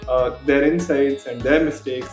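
A man hosting a podcast interview. He talks in a calm, reflective way, agrees readily and sums up his guest's points for listeners. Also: medium pitch, normal speed. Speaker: podcast host. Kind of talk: casual interview conversation. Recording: echoey room with faint music.

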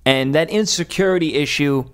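A man's voice: on the high side, normal speed, smooth. A man who is a social media influencer, delivering a heated, emphatic opinion rant with frequent restarts.

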